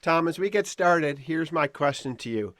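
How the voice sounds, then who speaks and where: A man's voice: on the high side, expressive, normal speed, a bit bright, dry recording, clean studio sound. A man hosting a podcast, introducing his guest in a playful, teasing way. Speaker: podcast host. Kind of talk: conversational interview.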